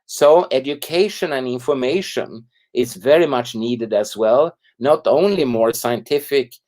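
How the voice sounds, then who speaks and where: A man's voice: medium pitch, a little slow. An older man from Sweden, a native Swedish speaker, speaking English as an interview guest and telling stories earnestly. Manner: earnest, animated when quoting others. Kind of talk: storytelling in an interview.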